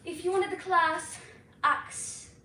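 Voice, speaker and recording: A woman's voice: very high-pitched, fairly even intonation, a little slow, bright, forceful tone, heavily acted. A young woman performing a pompous, bossy female accent teacher on stage with a put-on British accent, theatrical and exaggerated. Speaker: student competitor performing a comic piece. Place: school auditorium stage. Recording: echoey hall from far off, noisy.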